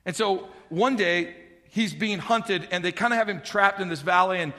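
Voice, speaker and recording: A man's voice: high-pitched, normal speed, bright, forceful tone. A man preaching a sermon, retelling a story with humor and acting out the characters' lines in changed voices. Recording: long hall reverb.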